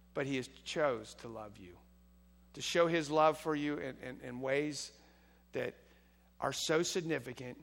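Bright-voiced male preacher in a hall. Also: medium pitch, gravelly. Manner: rising to emphatic preaching, then soft prayer. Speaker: pastor. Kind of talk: sermon and closing prayer.

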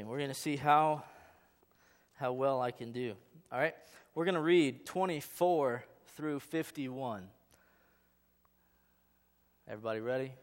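A man's voice: medium pitch, fairly bright tone. Jokey man teaching in an echoing hall. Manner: joking, conversational, quizzes the audience. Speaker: Bible teacher. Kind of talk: casual Bible lesson to a group. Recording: long hall reverb.

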